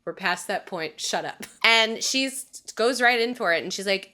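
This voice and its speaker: A young adult woman co-hosting a podcast, recapping a TV episode with animated storytelling, quoting characters, laughing often and swearing casually. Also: mid-range voice, moderate pace, few pauses. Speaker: podcast co-host.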